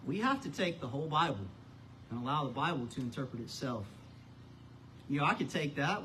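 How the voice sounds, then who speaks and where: A man's voice: on the high side, big pitch swings, a little fast, long pauses, sharp tone, a little hiss or hum, low-quality recording. A man preaching a sermon as pastor, building up to big emphatic lines on key words. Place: church.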